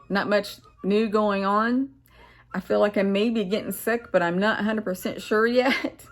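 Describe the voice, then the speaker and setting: A middle-aged woman vlogging, venting heatedly and bluntly about her ex-husband and swearing freely. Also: mid-range voice. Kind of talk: angry personal vlog rant.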